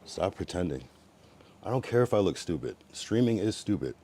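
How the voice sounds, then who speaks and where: A young man streams from a room at home and talks back at his chat in a rambling, profane way. His voice sits extremely low, and he swings between a low mutter and loud taunting. A faint background noise runs under him. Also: very animated, normal speed. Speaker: livestreamer. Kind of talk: casual live-stream chat reacting to viewers.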